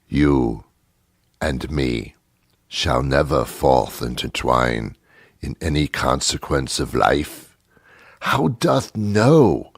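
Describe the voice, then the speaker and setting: A man voicing a pompous male stage actor in mock-Shakespearean style, declaiming slowly in faux-archaic phrases. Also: rumbling low, no echo, studio quality, pitched below the performer's own voice, full character voice.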